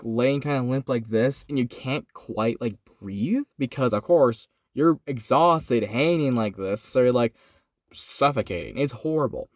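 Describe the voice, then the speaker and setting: A young man tells a Bible story in a casual, earnest way, sweaty and teary inside a hot parked car. His voice sits slightly high and moves with lively swings. The sound is close and dry, with no echo. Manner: casual and earnest, says "like" and "dude" often. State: sweaty and overheated, has been crying. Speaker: vlogger retelling the Bible.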